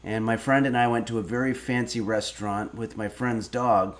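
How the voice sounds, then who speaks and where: A man in his fifties hosting a casual cooking livestream, reading viewer messages aloud and answering with deadpan, rambling stories. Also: medium pitch, normal speed. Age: 50s. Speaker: streaming cooking show host.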